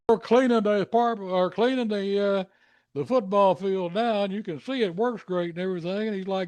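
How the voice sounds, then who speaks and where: A man's voice: fairly quick, dry recording. A man casually telling a long anecdote, acting out the people in it with big jumps in his voice. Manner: animated, acts out quoted voices with pitch jumps.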